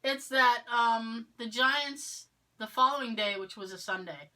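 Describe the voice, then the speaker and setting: A woman's voice: a little high, measured pace. A woman from Massachusetts, co-hosting a podcast in casual chat, telling stories and acting out what other people said. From Massachusetts, near Cape Cod. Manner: animated storyteller, acts out what others said. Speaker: podcast co-host.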